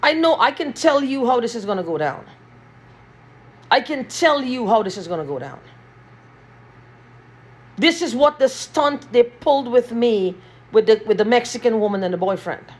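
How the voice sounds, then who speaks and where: Agitated, husky-voiced woman ranting. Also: on the high side, lively intonation, moderate pace, long pauses. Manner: agitated, repetitive, swearing often. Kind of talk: ranting vlog monologue. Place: small basement room with concrete walls.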